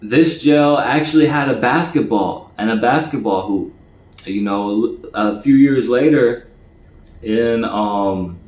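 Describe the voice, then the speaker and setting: Male storyteller, casual, stammering and repeating himself, slightly low voice, roomy echo. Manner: stammers and repeats words, acts out quoted voices higher and louder. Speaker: storyteller recounting his past. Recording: echoey room.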